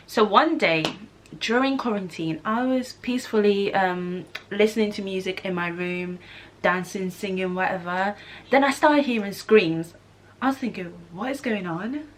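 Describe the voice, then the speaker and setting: A young woman, telling an animated storytime vlog and acting out the voices she quotes. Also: on the low side, moderate pace, a little hiss or hum. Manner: animated, acts out screams and quotes. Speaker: vlogger. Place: student flat room.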